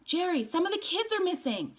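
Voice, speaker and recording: A woman's voice: very high voice, sing-song, a little fast, voice pushed up. A woman reading aloud and voicing a worried woman searching for missing children. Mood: anxious. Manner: anxious, insistent. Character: worried mother looking for children.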